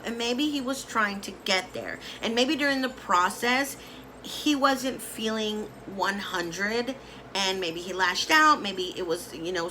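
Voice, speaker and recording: A woman vlogger ranting casually to camera about beauty influencers, emphatic and animated, repeating words for emphasis and calling people honey. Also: fairly high pitch, a little hiss or hum, low-quality recording. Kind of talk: casual opinion rant to camera.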